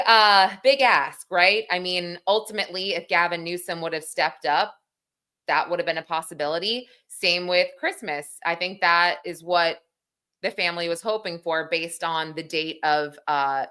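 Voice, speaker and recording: A woman's voice: fairly low pitch, bright, forceful tone, clear, resonant tone. A woman in her thirties hosting a livestream, chatting casually, reading comments aloud and laughing at herself. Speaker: livestream host.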